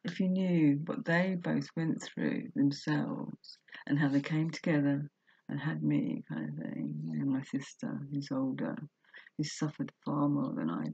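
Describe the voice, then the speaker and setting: A woman's voice: low-pitched, expressive, unhurried, gravelly, dark tone, breathy edge, no echo. A woman vlogger reading a book aloud and breaking off into earnest, emotional, confessional commentary. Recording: dull lo-fi recording.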